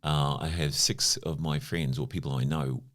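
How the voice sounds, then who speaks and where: A man's voice: rumbling low, fairly even intonation, moderate pace, a bit bright. A man in his fifties from New Zealand, a podcast guest telling stories in a chatty, casual way, full of "you know" asides. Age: 50s. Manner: chatty anecdotal, lots of "you know" fillers. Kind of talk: casual conversational storytelling.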